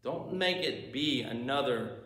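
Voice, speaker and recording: A man preaching a sermon, animated, shifting between loud emphasis and quiet asides. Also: medium pitch, a little slow, echoey room. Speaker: pastor.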